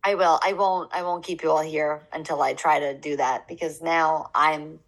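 A young adult woman co-hosts a casual podcast, sipping beer as she chats loosely and jokes around in put-on accents. Her voice sits low with fairly even intonation at a moderate pace, and the recording quality is poor.

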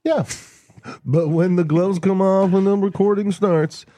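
A man's voice: sits high, fairly even intonation, measured pace, dark tone. A man co-hosting a podcast, joking and ribbing the others while telling stories. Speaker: podcast co-host. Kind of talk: casual chat.

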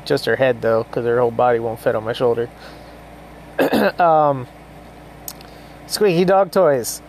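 A man in his thirties hosting a casual solo podcast at home, rambling and swearing through a deadpan mock ad with pets around him. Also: medium pitch, moderate pace, gravelly, slight background noise. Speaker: podcast host.

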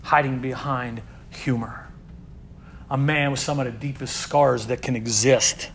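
A man who leads a youth group, telling stories in an inspirational sermon, earnest and repeating words as he builds, dropping to a hush and then rising loud. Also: medium pitch, steady tone, measured pace, gravelly, a little hiss or hum. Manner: earnest, swings from hushed to loud emphasis.

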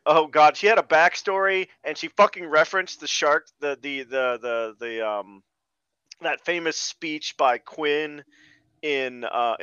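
A podcast host with a fairly high, bright voice and a forceful yet smooth tone tears into a bad movie with sarcastic, exasperated, profanity-laced rants during casual chat. There's no room sound, and the recording is dry, dull, and lo-fi.

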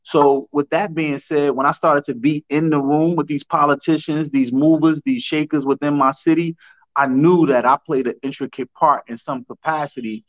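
A New Jersey councilman and rapper, new as a guest on a podcast, tells stories in casual interview talk, laid back and slangy. His voice is on the high side with fairly even intonation and a moderate pace, and the lo-fi sound is kind of dull.

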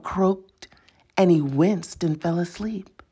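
Slow, breathy woman storyteller. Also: medium pitch, expressive, a little mellow. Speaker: narrator. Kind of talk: scripted literary narration.

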